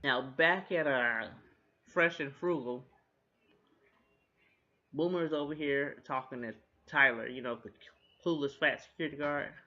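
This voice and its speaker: A man giving a casual, animated recap of a TV episode. He talks in a chatty way, swears freely and laughs along with the jokes. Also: mid-range voice, a little slow, long pauses, lo-fi sound. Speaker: TV recap host.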